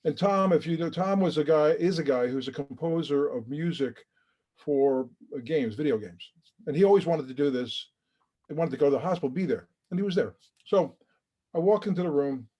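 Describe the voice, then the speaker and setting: Animated storytelling man, somewhat high voice. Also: moderate pace. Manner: animated storyteller acting out quoted dialogue; emotional, earnest. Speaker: interview guest, charity founder. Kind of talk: podcast interview storytelling.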